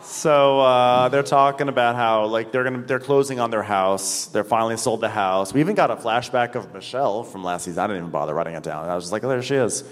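A man's voice: lowish voice, fast, few pauses. A man co-hosting a live podcast, recapping an episode with dry, wry quips. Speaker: podcast co-host. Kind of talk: comedic recap chat. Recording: live venue with hall reverb.

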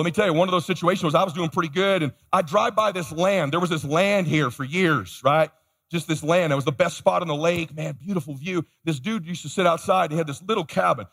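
A man's voice: a little high, creaky, fairly bright tone. A man giving a motivational keynote to a live audience, telling a story energetically and acting out the other people in it. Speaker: motivational speaker. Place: large conference hall. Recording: live hall with long reverb.

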